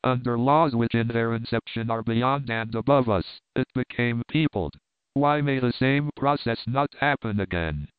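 A man's voice: mid-range voice, normal speed, smooth, no room sound, lightly acted. A man voicing a stern, domineering elderly professor who talks in a lofty, lecturing way, in a plain read-aloud voice. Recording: dry, phone-like narrow sound.

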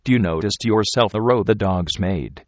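A weary trail driver out in the frozen wilds, as a man reads him aloud, grave and insistent in his rough backwoods talk. The voice sits low. The sound is dry and close, with no room around it. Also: moderate pace, darkish tone, no echo, natural voice. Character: weary male frontier trail driver, uneasy.

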